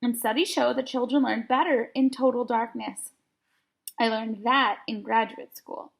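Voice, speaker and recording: A woman's voice: a little high, fairly even intonation, unhurried, vocal fry. Woman reading as a chirpy know-it-all librarian. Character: quirky woman librarian fond of citing studies.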